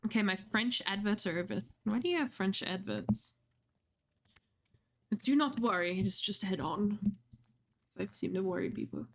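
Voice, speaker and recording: A woman's voice: mid-range voice, expressive, moderate pace, gravelly, pauses often. A woman streaming a video game, chatting casually with her viewers, reading out their messages and answering them, with casual swearing. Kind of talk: casual gaming livestream chat.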